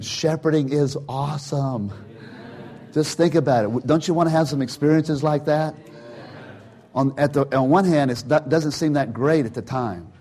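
A man's voice: mid-range voice, dark tone. Older guy preaching casual, lots of you know and restarts, acts out the quotes, normal middle voice. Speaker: church speaker telling a testimony. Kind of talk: informal sermon storytelling.

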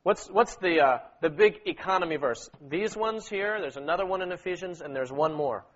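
A man's voice: high voice, normal speed, fairly bright tone, lo-fi sound. A man leading a church meeting, preaching and prompting the group to read verses aloud together, often asking "okay?" and answering "amen.". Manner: exhorting, repeats words, prompts the congregation with "okay?" and "amen". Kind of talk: sermon with group scripture reading.

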